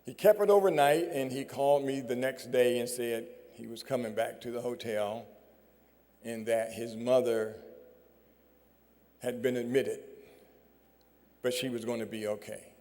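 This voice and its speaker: A man giving a storytelling speech at an awards ceremony, measured and full of dramatic pauses, on a stage microphone. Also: mid-range voice, steady tone, dark tone. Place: large performing arts hall. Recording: long reverb of a large hall.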